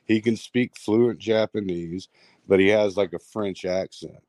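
A man's voice: fairly low pitch, unhurried, dry recording. A man telling a strange story in a rambling, casual way, full of fillers and restarts. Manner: rambling, filler-heavy, animated retelling. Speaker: guest storyteller.

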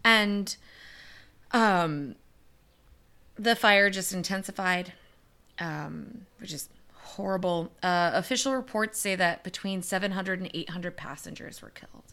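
Her voice sits on the low side, sounding pushed and bright, and her pace is a little slow. As a young podcast co-host, she casually narrates a disaster in a chatty way, using lots of fillers and cursing occasionally.

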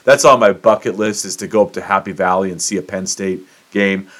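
A man's voice: sits low, fairly even intonation, fairly quick, fairly bright tone. A man hosting a solo podcast, ranting in a fired-up, profane way about sports and politics. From United States. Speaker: podcast host. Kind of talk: solo opinion monologue.

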